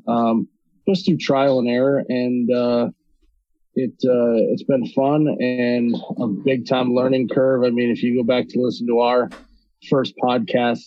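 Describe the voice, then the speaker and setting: Man from North Dakota, podcast guest, monotone and halting, dry lo-fi sound. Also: mid-range voice, no room sound. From North Dakota, USA. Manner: hesitant, many ums and restarts. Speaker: podcast guest, video creator. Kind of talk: casual interview conversation.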